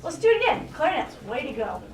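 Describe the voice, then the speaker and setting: Female guest conductor, high voice, upbeat coach; roomy, distant, noisy rehearsal-room sound. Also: big pitch swings, fast. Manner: encouraging, explains with everyday comparisons. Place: school band rehearsal room.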